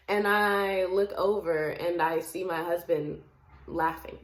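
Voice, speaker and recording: A young woman vlogger telling a personal story in a casual, animated way. She laughs often and acts out the lines that people said. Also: on the low side, a little slow. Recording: echoey room.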